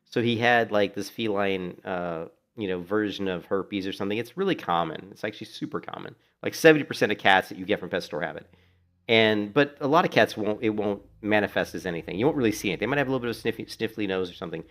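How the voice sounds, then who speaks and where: Laid-back man with a gravelly low voice. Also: lively intonation, quick pace, a bit bright. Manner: laid-back rambling storyteller, swears freely. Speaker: game streamer. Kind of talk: casual chat while playing. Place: home in Florida.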